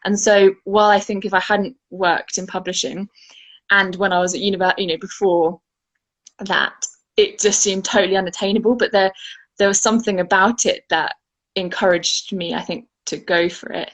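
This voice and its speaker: A woman from Guernsey, an author talking in a relaxed interview, thoughtful and chatty with frequent fillers. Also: medium pitch, normal speed, rough recording. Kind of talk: casual conversational interview.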